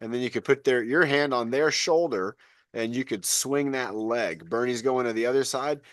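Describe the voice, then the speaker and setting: A man's voice: mid-range voice, normal speed, a bit bright, no echo, studio quality. Upbeat man coaching a fitness class. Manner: encouraging, chatty. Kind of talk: live online fitness class. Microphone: video call.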